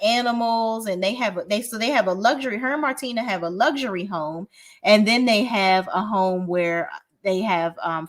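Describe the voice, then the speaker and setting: A woman with a mid-range, fairly bright voice recaps a reality show as a reviewer. She's casual, blunt and profane, frequently starting her sentences over.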